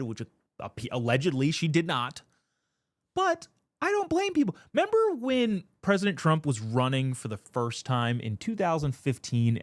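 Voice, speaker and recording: A man's voice: on the high side, no echo. A man giving casual commentary on news, rambling and going off on tangents. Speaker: political commentator.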